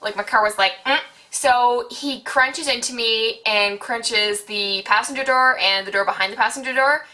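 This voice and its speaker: A woman in her late teens telling a casual storytime on her vlog, chatty and animated, full of "like". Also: fairly high pitch, moderate pace, few pauses. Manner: chatty, heavy use of "like", animated retelling. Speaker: vlogger.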